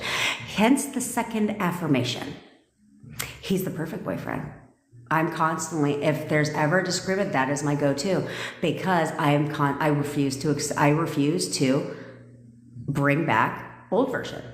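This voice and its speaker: A low-pitched woman talks straight at her viewers, blunt and emphatic, swearing freely as she coaches them. Her voice rings in an echoey room with a long reverb tail. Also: expressive, moderate pace. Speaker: manifestation coach. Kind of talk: live-stream coaching talk.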